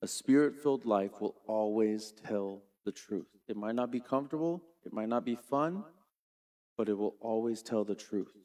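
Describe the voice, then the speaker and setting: A man's voice: fairly low pitch, normal speed, darkish tone. Man preaching a dramatic sermon. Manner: dramatic storytelling preacher, varies volume widely. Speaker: pastor.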